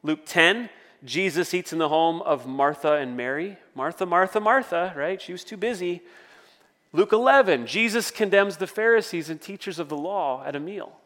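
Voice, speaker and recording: High-voiced man preaching in a hall. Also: expressive, moderate pace, a bit bright. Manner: conversational, storytelling asides. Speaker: pastor. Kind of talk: sermon.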